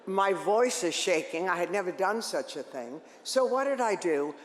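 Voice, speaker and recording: An older woman, a radio host, telling lively, joking stories to an audience. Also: lowish voice, normal speed, slight background noise. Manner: lively, joking, animated storytelling. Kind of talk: storytelling talk to an audience. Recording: echoey hall with long reverb.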